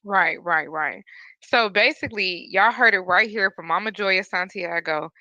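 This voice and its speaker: A woman's voice: mid-range voice, normal speed, sharp tone, dry recording, highs cut off. A woman hosting a podcast who speaks earnestly and is choked up and tearful. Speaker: podcast host. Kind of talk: casual podcast talk.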